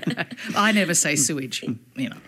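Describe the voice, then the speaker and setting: A woman's voice: sits low, animated, moderate pace, sharp tone, husky. A woman, a linguistics expert explaining word usage in a casual chat, thoughtful and hesitant, chuckling often.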